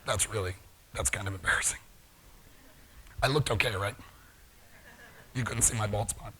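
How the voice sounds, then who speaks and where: A man's voice: on the low side, normal speed, pushed and bright, a little hiss or hum. A middle-aged man giving a live talk in a large conference hall, joking playfully with the audience. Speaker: conference speaker.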